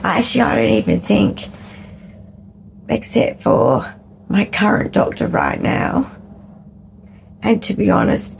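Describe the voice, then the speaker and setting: A middle-aged Australian woman vlogging candidly, rambling and laughing often, sometimes dropping into a soft whisper. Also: mid-range voice, gravelly, slight background noise, low-quality recording. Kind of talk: candid personal vlog talk.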